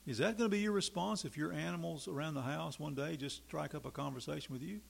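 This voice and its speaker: Gravelly-voiced male preacher. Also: fast talker, slight background noise. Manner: emphatic, climbs loud and high then drops to quiet asides. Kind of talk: sermon.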